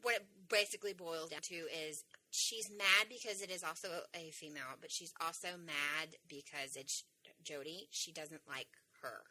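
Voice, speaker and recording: Bright-voiced woman telling a story. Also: sits low, moderate pace, a little hiss or hum, poor audio. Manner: animated storytelling, swears freely. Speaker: podcast co-host. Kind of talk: casual chat.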